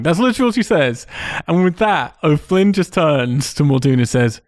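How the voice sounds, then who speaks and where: A man's voice: a little high, expressive, moderate pace, no room sound, clean studio sound. A man hosting a casual podcast, retelling a film's scenes with swearing and laughs. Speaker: podcast host. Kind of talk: casual film review chat.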